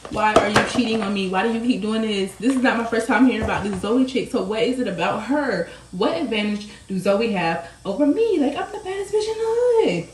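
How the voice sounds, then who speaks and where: A woman voicing a drunk young woman who has been cheated on, loud, wounded and boastful. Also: mid-range voice, brisk, roomy sound, recorded from a distance, a little hiss or hum, natural voice, poor audio. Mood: hurt, furious.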